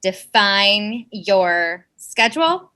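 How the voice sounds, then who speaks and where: A woman's voice: medium pitch, very animated, extremely slow, sharp tone, poor audio. A woman co-hosting a podcast, talking in a passionate, sassy, emphatic way. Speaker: podcast co-host. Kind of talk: casual chat.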